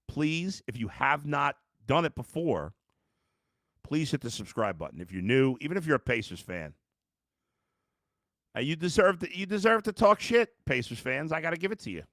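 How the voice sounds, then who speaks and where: Fairly bright and on the high side, this man's voice swings widely in pitch at a moderate pace, captured cleanly in a studio with no room sound. Tired and frustrated, he reads fan comments on his live sports reaction podcast, responding bluntly and profanely.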